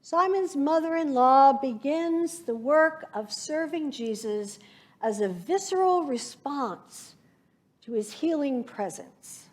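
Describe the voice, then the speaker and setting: A woman pastor preaching a sermon, slow and reflective, painting scenes from scripture for her congregation. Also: high voice, expressive, a little mellow.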